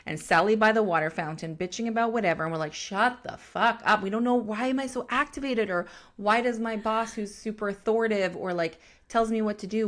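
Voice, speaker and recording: A woman co-hosting a podcast, talking bluntly and swearing freely in a coaching tone, with laughs along the way. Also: mid-range voice. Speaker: podcast co-host. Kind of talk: casual podcast chat.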